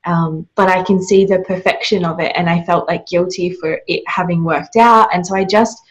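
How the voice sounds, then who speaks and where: A woman's voice: on the low side, steady tone, moderate pace, low-quality recording. A woman hosting a podcast, speaking in a reflective, casual way with frequent "like" fillers. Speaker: podcast host. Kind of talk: casual spiritual conversation.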